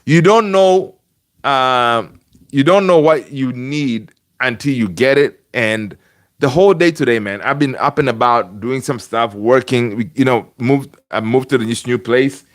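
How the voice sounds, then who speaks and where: A man's voice: mid-range voice, unhurried. A man hosting a casual football fan livestream from home, chatty and rambling, greeting viewers and answering the chat. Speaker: fan channel host. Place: home room.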